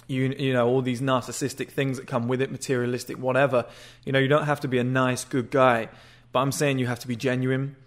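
A man giving dating advice in a blunt, crude, casual monologue, sometimes acting out short greetings. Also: medium pitch.

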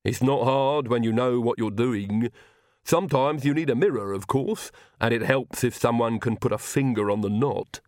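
A man voicing an earnest, stitched-together male castle servant with a low mumble. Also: moderate pace, a little mellow, dry recording, clean studio sound, lightly acted.

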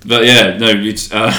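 A man hosts a relaxed podcast. He rambles in casual chat, trips over his own words and swears freely. The room around him is echoey. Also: on the low side. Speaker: podcast host.

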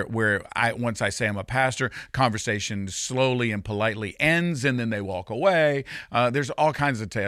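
A man's voice: mid-range voice, pushed and bright. A male pastor delivers a sermon in a mid-range voice. He talks in a loose, conversational way, stumbling over restarts, then pushes up into emphatic peaks. The sound is dry and close, with no room echo. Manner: conversational preaching with frequent restarts and sudden emphatic rises.

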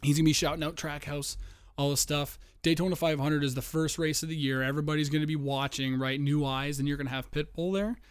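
A man's voice: on the high side, fairly even intonation, quick pace, smooth, no echo, clean studio sound. A young man hosting a casual solo podcast, rambling and profane, a bit out of breath, and distracted by a game on TV. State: out of breath and sweating. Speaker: podcast host.

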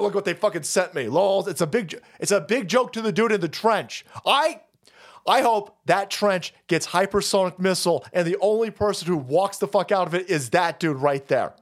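A man hosting a political livestream, ranting in a heated, profane way. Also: high voice. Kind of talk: ranting political commentary stream.

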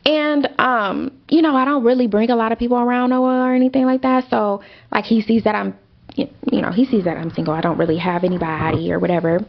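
Young woman rambling and cussing thru a story, kinda high voice, muffled lo-fi sound. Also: quick pace, creaky. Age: young adult. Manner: animated, swearing, rambling with fillers. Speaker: podcast host. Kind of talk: casual storytelling.

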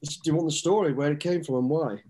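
A man in his fifties, a guest in a casual storytelling interview, spins easygoing, rambling tales with frequent restarts. His voice is on the high side, mellow and slightly rough, and he talks quickly.

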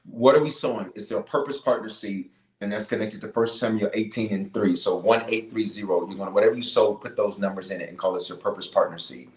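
A man's voice: fairly low pitch, quick pace, a little mellow. A man leading a live-streamed prayer as a bishop, fervent and pleading, repeating his points for emphasis. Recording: roomy echo.

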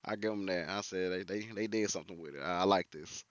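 A man co-hosting a casual chat, slangy and animated, often quoting himself. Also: sits low, fast talker, no room sound, highs cut off. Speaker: podcast co-host.

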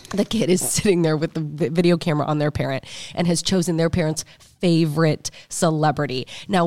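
A woman's voice: deep voice, a little mellow, dry recording. A woman in her thirties co-hosting a podcast, telling stories in casual chat and laughing often. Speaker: podcast co-host.

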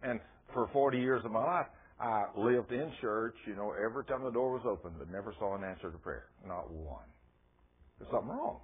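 Guy preaching, folksy storyteller, husky voice, sounds like its over a phone. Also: on the low side, expressive, a little fast, phone-quality sound. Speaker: pastor. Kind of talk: sermon.

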